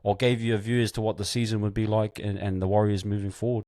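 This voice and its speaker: A man hosts a relaxed chat and feels his way into questions with restarts. His voice is low and the sound is dry and close. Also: fast talker, no room sound. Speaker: host. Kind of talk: casual interview chat.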